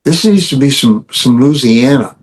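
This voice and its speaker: A man's voice: mid-range voice, moderate pace. A man in his seventies with a Texan accent, a guest musician telling stories in casual chat and acting out the voices of the people in them. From Texas. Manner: animated storyteller, acts out quotes.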